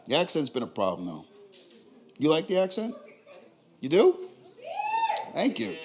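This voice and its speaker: Brash, animated Californian comic. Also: male voice, fairly high pitch, measured pace, long pauses, a crowd in the background. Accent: Tulare, California. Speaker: stand-up comedian. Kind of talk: stand-up comedy set. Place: comedy club.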